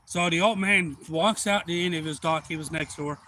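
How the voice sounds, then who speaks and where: A man, rambling through excitable anecdotes on a casual live stream. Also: on the high side, moderate pace, a little hiss or hum. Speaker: livestream host. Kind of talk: casual storytelling.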